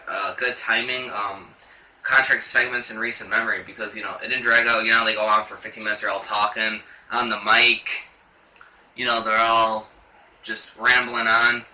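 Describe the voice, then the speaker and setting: His voice lowish, pushed and bright, a choked-up young man reviews wrestling in a casual video, rambling haltingly with many fillers. A distant camera mic picks him up in an echoey room, with faint noise in the background.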